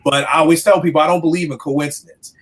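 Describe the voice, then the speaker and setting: A man in casual podcast talk, telling stories in a lively way and acting out the people he quotes. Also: on the high side, quick pace, breathy edge. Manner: animated storyteller, acts out quotes.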